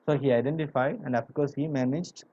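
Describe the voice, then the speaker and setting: Male teacher, mellow and middle-pitched, talks a class through a story with lots of "you know", dull lo-fi recording. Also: steady tone, brisk. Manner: explains word by word, many "you know" fillers. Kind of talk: classroom literature lesson.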